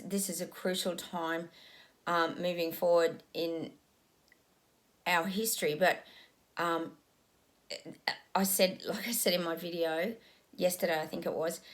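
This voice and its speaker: A woman giving a casual psychic reading, musing aloud with frequent ums as she describes what she is being shown. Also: fairly low pitch.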